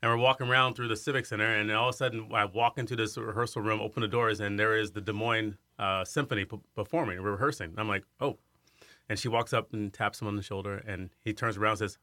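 Fifties male guest from Iowa, lowish voice with a bright edge, animated storyteller; dry sound. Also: quick pace, dry recording. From Iowa, USA. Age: 50s. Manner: animated storyteller who acts out quoted voices. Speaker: guest, singer and arts center director. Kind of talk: storytelling in an interview.

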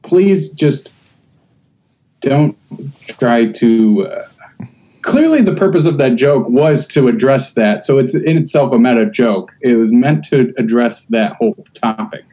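Podcast co-host, male, mellow tone, rambling casual chat full of fillers. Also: mid-range voice, animated, measured pace, low-quality recording. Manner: rambling, loose, many fillers and restarts.

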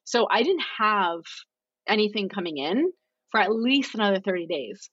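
A young adult woman, a podcast guest, telling her story in a casual, animated way and acting out what she and others said. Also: mid-range voice, moderate pace, husky, no room sound, highs cut off. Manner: animated, quotes herself and others in lively voices.

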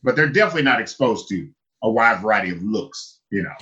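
A man in casual conversation telling animated stories, acting out the people he met with big jumps in his voice. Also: on the low side, fast, highs cut off. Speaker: guest who lived in China. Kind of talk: casual storytelling chat.

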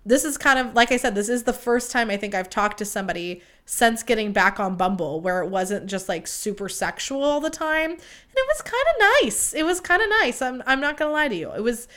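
Young female podcast host, casual and profane storyteller, mid pitch, animated quoting. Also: a little fast, few pauses. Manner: chatty, profane, quoting others in lively voices.

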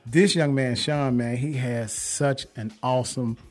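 An energetic man hosts a call-in radio show, piling up repetitions as he hypes his guests. Faint music plays behind his voice. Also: medium pitch, measured pace. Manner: excited, repetitive, laughing often. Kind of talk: casual radio chat.

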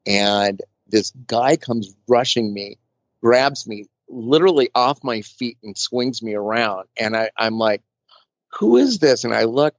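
A makeup artist being interviewed, telling stories in a chatty, rambling way with lots of fillers and restarts. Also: male voice, lowish voice, a little slow, dry recording. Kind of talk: casual storytelling interview. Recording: dull lo-fi dry sound.

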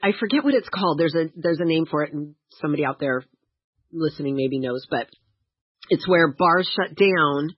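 A woman's voice: deep voice, normal speed, breathy edge, dry recording, lo-fi sound. A woman co-hosting a podcast, telling a travel story in casual chat, laughing often and acting out quotes. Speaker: podcast co-host.

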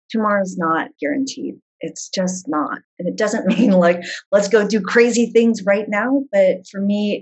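A woman's voice: fairly low pitch, breathy edge, dull audio. A woman who is a travel video creator, speaking with passion and enthusiasm as an interview guest. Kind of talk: casual interview chat.

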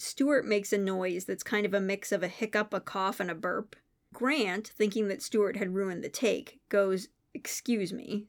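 A woman's voice: mid-range voice, creaky. A woman giving an enthusiastic, detailed scripted narration of a film review.

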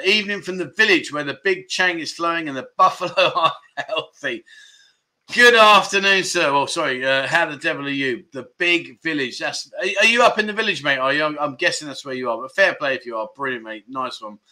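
A man with a bright, forceful, slightly high voice hosts a relaxed livestream. He greets viewers by name in a cheerful, chatty way and chuckles between comments. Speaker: livestream host. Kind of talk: casual livestream chat reading comments.

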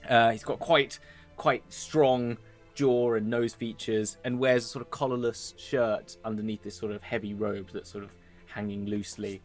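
A man's voice: mid-range voice, steady tone, normal speed, soft background music. Rambling male dungeon master. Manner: rambling, many fillers and hedges. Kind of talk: narrating a tabletop game.

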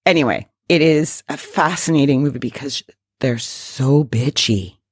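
A woman co-hosting a podcast, chatting casually in quick, lively bursts with stretched-out emphasis. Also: low voice, husky, no room sound, studio quality. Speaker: podcast co-host. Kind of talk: casual chat.

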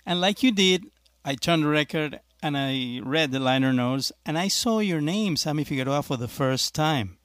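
A man hosting an interview, recalling a memory in relaxed conversational talk. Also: on the high side, moderate pace, dry recording, clean studio sound. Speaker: podcast host. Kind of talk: interview chat.

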